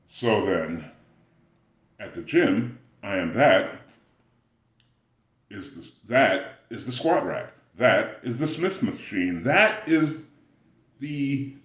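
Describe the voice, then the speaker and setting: A man giving a rambling spiritual motivational talk, often clearing his throat as he muses. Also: mid-range voice, very animated, very slow, long pauses, fairly bright tone, reverberant.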